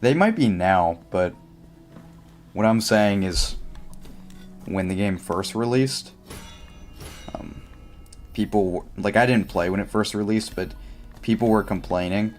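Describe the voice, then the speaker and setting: A man's voice: on the low side, a little slow, long pauses, faint music behind. A young man livestreaming a game, chatting casually and thinking aloud, with lots of filler words as he plays. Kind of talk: casual gameplay commentary.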